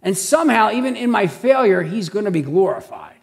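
A man preaching a sermon as pastor, conversational, with many tag questions and frequent throat clearing. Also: sits high, sing-song, brisk. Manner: clears his throat often.

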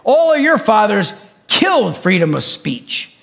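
A man preaching a sermon, talking fast and animated as he reads and explains scripture. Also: sits high, creaky.

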